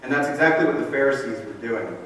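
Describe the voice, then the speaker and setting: A pastor preaches a sermon in a church sanctuary, conversational and explanatory, acting out the voices he quotes. His mid-range male voice is animated, quick, and fairly bright. A distant mic picks up roomy echo and faint noise.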